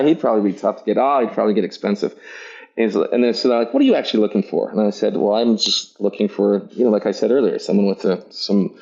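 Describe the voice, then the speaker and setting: A man's voice: lowish voice, creaky, darkish tone, dull audio. A middle-aged man in a casual interview, telling stories with enthusiasm, laughing often and acting out the voices of people he quotes. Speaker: interviewee, animated series co-creator.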